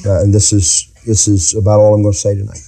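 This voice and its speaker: A pastor preaching a sermon, asking the congregation rhetorical questions. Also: male voice, fairly low pitch, monotone, fast, creaky, dark tone.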